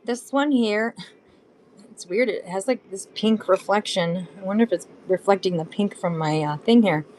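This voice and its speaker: A woman's voice: medium pitch, normal speed, a little mellow, a little hiss or hum. A woman in her thirties from Southern California, selling jewelry supplies on a live stream in a chatty, bubbly way, talking straight to viewers. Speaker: live shopping seller.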